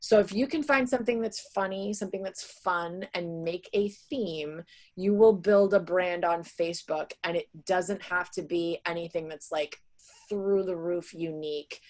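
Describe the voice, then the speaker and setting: Woman trainer in her 30s, slightly low voice, chatty webinar delivery heard over a video call, lots of ums and likes. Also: moderate pace, a little mellow. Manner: chatty, with many "um" and "like" fillers. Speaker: sales trainer presenting to real estate agents. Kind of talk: casual webinar presentation.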